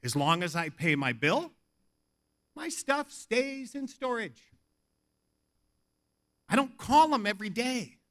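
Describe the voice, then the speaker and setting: A man's voice: very high voice, slow pace, long pauses. A man giving a funny recovery talk at a convention, telling casual stories and acting out conversations. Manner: animated, casual, swears, acts out dialogue. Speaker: AA convention speaker. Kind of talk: humorous recovery talk, storytelling. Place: hotel convention hall.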